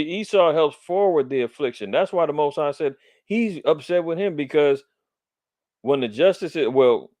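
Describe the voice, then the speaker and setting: A man's voice: a little high, darkish tone, dry recording. Indignant preacherly man, dry sound. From Los Angeles. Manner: indignant, preacherly, reads scripture with emphasis. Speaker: host of a religious commentary show. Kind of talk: news commentary with scripture reading.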